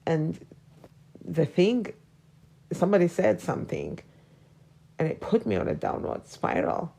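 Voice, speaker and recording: A woman's voice: lowish voice, wildly swooping pitch, a little slow, gravelly, warm tone. A woman in her forties hosting a podcast, talking through personal memories in a hesitant, reflective way that sometimes drops to a whisper. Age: 40s. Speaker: podcast host.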